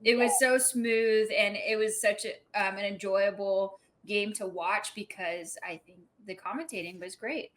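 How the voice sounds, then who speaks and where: A woman taking part in a podcast chat as a guest, enthusiastic and quick to laugh. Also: mid-range voice, fairly even intonation, a bit bright. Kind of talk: casual chat.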